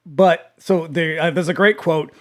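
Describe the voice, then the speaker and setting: A man's voice: on the high side, steady tone, measured pace. A man co-hosting a podcast, chatting casually about an old film and adding behind-the-scenes trivia. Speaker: podcast co-host.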